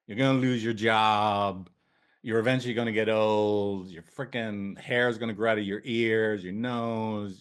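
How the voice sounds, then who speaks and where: A man teaching couples therapy in a loose, joking way, with swearing and asides. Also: lowish voice. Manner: loose, jokey, profane, tangents. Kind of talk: casual training talk.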